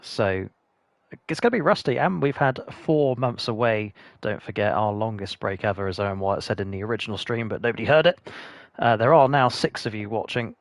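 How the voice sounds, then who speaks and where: A man's voice: fairly low pitch, fairly quick, dry recording. Chatty man calling a sim race. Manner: chatty, self-mocking, rising to excited race calling. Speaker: sim racing league commentator and host. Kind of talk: live-stream race commentary.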